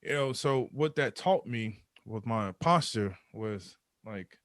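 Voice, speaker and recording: A man's voice: fairly low pitch, slow pace, dry recording, studio quality. Man telling a raw personal story. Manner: animated storyteller, acts out his own inner voice. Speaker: podcast guest. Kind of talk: candid storytelling interview.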